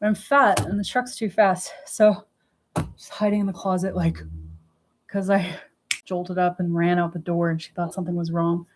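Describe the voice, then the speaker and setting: A woman's voice: fairly low pitch, moderate pace, a little hiss or hum. Blunt, sweary woman vlogging from home. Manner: blunt, sweary, animated retelling. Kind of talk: casual diary vlog. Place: at home indoors.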